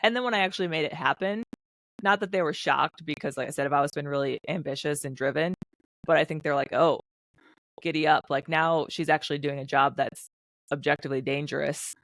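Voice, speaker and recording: A woman in her thirties, a former fighter pilot, chatting as a podcast guest in an animated storytelling way, acting out quotes. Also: low voice, no echo. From United States. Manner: animated storyteller, quick bursts, acts out quotes. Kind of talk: casual interview conversation.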